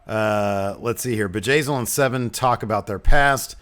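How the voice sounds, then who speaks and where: A man co-hosting a podcast, recapping an episode step by step with lots of ums and quick quoted lines. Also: on the low side, a bit bright. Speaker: podcast co-host.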